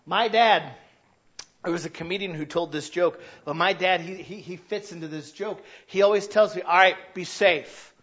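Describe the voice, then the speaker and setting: A man in his thirties preaching a sermon, telling stories and acting out shouting parents. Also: high-pitched, normal speed, slightly rough, lo-fi sound. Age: 30s. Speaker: pastor.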